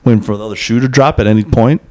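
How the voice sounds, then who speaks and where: A man's voice: lowish voice, rapid-fire, a little mellow. A young man co-hosting a podcast in casual chat, joking and riffing on bits. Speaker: podcast co-host.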